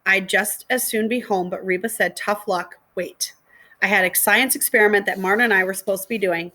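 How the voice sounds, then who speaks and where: A woman, a middle school teacher, reading a children's novel aloud to her students in a steady, clear storytelling voice. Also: mid-range voice, fast.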